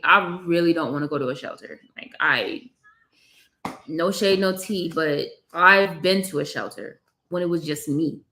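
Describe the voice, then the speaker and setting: Deep, bright, and forceful, the voice comes from a young mother of three chatting candidly on her vlog. Sitting at home with her baby on her lap, she's emotional, tearful, and on the edge of crying.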